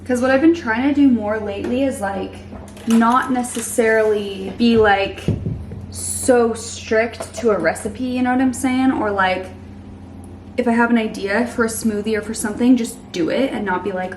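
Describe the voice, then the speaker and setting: A woman's voice: fairly high pitch, moderate pace, reverberant, distant mic, a little hiss or hum, poor audio. Chatty young woman vlogging in her kitchen. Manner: chatty, lots of "like", trails off into soft murmurs while cooking. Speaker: lifestyle vlogger. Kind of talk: casual vlog chat. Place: home kitchen.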